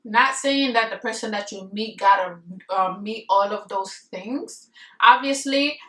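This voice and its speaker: Her voice pushed and bright at a medium pitch, a young female vlogger unhurriedly rambles through casual marriage advice to camera, using many fillers and speaking bluntly with emphasis. She's recorded in an echoey room, somewhat far from the mic.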